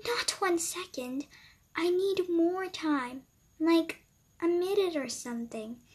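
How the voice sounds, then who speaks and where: A woman's voice: very high-pitched, lively intonation, slow, voice pushed up, full character voice. A woman voicing a blunt, chatty female dog who talks eagerly and insists, in a children's story. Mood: pleading.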